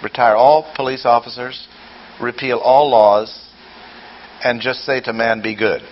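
A man's voice: medium pitch, fairly even intonation, measured pace. A man preaching a sermon, asking rhetorical questions and repeating his points for emphasis. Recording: dull lo-fi recording with faint ambience.

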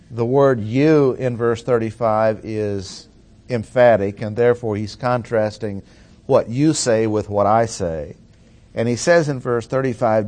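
A man preaching verse by verse in a mid-range voice. He is deliberate and emphatic and slows right down on the phrases he wants to land. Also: medium pitch, a little mellow. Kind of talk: expository sermon.

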